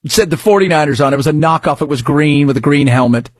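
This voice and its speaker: A male radio host talks in a loose, rambling, joking way. His voice sits a bit high and sounds husky. The studio mic is close and dry. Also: fast, no echo. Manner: chatty, rambling, jokey. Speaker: radio talk show host. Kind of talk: casual sports and news talk.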